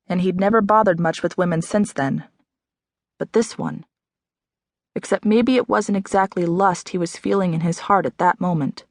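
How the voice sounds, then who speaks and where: A woman's voice: lowish voice, dry recording. Woman narrating an audiobook in a dry studio. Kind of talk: scripted narration.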